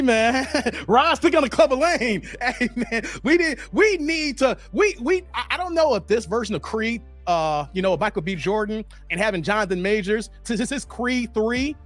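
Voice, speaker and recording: A man around forty hosting a casual livestream, slangy and animated, laughing and chatting with viewers. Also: very high-pitched. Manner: animated, slangy, laughs often, chats with the chat. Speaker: livestream host. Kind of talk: casual livestream chat reading viewer comments.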